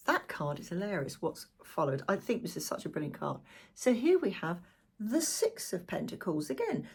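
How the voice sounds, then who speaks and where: A middle-aged woman gives a chatty tarot reading to viewers. She talks warmly with asides, and her voice is croaky. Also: mid-range voice. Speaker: tarot reader.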